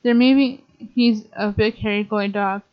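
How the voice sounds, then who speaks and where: A woman's voice: mid-range voice, fairly even intonation, normal speed, smooth, natural voice. Woman reading as a smirking, teasing big sister. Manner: mocking. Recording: dull lo-fi recording.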